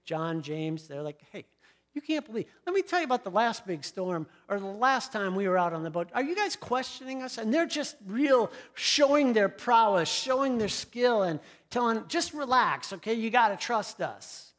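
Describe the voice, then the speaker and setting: A middle-aged man delivers a sermon in a fairly high voice. He retells the story in a conversational way and turns to the congregation with asides and questions. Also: animated, moderate pace, fairly bright tone. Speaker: pastor.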